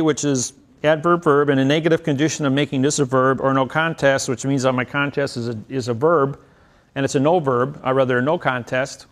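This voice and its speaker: A man speaking as a seminar speaker, telling rambling anecdotes packed with legal citations. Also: a little high. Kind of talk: storytelling lecture.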